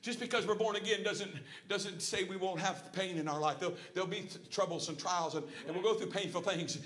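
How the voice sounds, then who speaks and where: A middle-aged man preaching a folksy sermon with personal stories, swinging from hushed asides to shouted praise. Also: high-pitched, fairly quick. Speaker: pastor. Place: church sanctuary. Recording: echoey church room. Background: congregation calling out responses.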